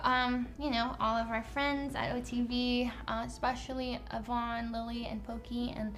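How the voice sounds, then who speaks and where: A woman's voice: a little high, little pitch movement, normal speed, hardly any pauses, fairly bright tone. A young woman, a streamer host, speaking sympathetically and a little hesitantly in casual chat.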